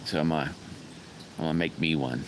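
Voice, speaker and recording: A man's voice: very deep voice, fairly even intonation, fairly quick, background noise. A middle-aged man hosting a casual live stream, rambling in a folksy way and greeting viewers by name. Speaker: livestream host.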